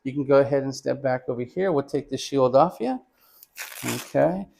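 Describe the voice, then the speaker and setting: A man's voice: medium pitch, moderate pace, gravelly. A man teaching chest X-ray positioning, talking casually to students and giving patients instructions. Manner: casual, talks to students as "you guys"; gives patient instructions loudly. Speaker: radiography instructor. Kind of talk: hands-on teaching demonstration and storytelling.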